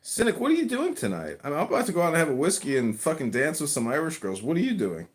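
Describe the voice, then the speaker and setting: A man riffs on a live stream, rambling, teasing and swearing at the people watching. His voice leaps up and down in pitch as he mocks them, loud and brash. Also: huge pitch swings, fast. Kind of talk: crude live-stream banter with viewers.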